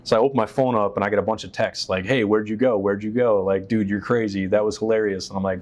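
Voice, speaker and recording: A man with a fairly low voice tells personal stories as an interview guest, candid and casual. He swears freely and jumps into the voices of the people he quotes. He was recorded on a stage inside a shop. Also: fairly even intonation, fast, darkish tone.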